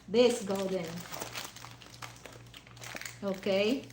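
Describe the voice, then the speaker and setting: A woman's voice: mid-range voice, slow pace, reverberant, a little hiss or hum, rough recording. A woman vlogger chatting casually over dinner, rambling and leaning on "you know" fillers with non-native phrasing.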